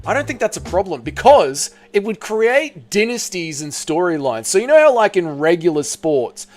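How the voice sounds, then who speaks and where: Aussie guy running a live stream, talks fast and loose, reads out chat, swears a bit, slightly high voice. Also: soft background music. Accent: Australian. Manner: animated, reads and answers viewer chat, swears casually.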